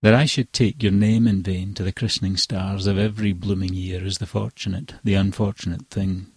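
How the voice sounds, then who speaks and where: A man, a poet, reading his own poems in a measured, deliberate way. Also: low-pitched, little pitch movement, a little mellow, breathy edge, no room sound. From Scotland. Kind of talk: poetry reading.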